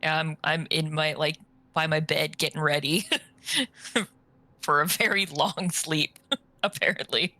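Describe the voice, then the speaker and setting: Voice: mid-range voice, level tone, slow, pauses often, bright, forceful tone, dry recording. A player in a tabletop game, joking and laughing through casual banter. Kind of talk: tabletop role-play, casual.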